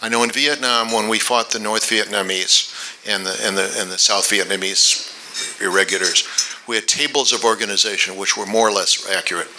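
A man from the United States giving a policy talk and answering questions, measured, often repeating words while he thinks, with dry asides. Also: fairly low pitch, steady tone, pushed and bright, slight background noise, poor audio. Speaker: policy expert speaker.

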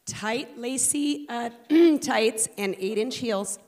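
A woman's voice: fairly high pitch, slow, in a large hall, noisy background. A middle-aged woman telling a wry, self-mocking comic story about raising her daughter.

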